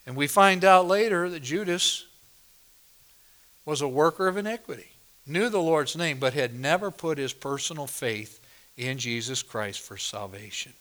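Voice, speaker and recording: A man's voice: fairly high pitch, normal speed, fairly bright tone. A male pastor preaching a sermon at a church service, emphatic and driving home points by repeating phrases.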